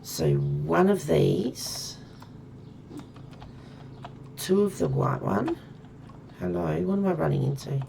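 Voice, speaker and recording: A woman's voice: low-pitched, slow pace, gravelly, long pauses, dark tone, slight background noise. A woman chatting casually and thinking aloud as she plays a game on stream. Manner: chatty, thinks aloud while counting items. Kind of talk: casual gameplay commentary.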